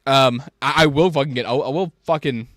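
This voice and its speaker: A man telling a work story in casual chat, animated and profane, jumping between loud rants and quiet asides. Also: medium pitch, brisk. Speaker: podcast host.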